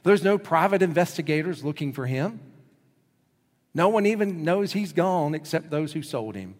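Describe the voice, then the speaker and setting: A man's voice: fairly high pitch, lively intonation, moderate pace, a little mellow. Man preaching in a reverberant hall. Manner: storytelling preacher, acting out quoted voices. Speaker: pastor. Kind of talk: sermon.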